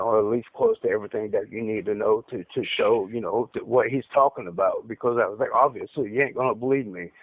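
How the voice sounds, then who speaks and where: A man's voice: mid-range voice, no room sound. Man stuttering over a tinny phone line. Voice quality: stutters, halting with many repeated words. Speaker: caller recounting an interrogation. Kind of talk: rambling phone account. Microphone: phone handset.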